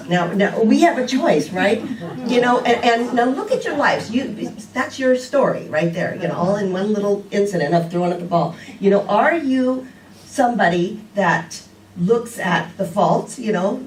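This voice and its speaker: A woman's voice: mid-range voice, lively intonation, moderate pace, a little hiss or hum. Older woman preaching in a roomy hall. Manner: conversational, many "you know"s. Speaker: speaker. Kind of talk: sermon. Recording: roomy, distant with faint background ambience.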